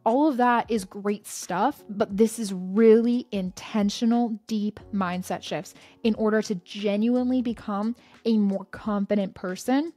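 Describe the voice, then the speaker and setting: A young American woman hosts a casual faith podcast, talking to listeners as if to a friend. Her delivery is bubbly and chatty, with animated storytelling and a mid-range voice. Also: medium pitch, a little slow, few pauses. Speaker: podcast host.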